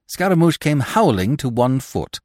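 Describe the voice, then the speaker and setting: A man narrating a classic novel for a podcast in a theatrical, expressive manner, close to the mic. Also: medium pitch, moderate pace, no room sound.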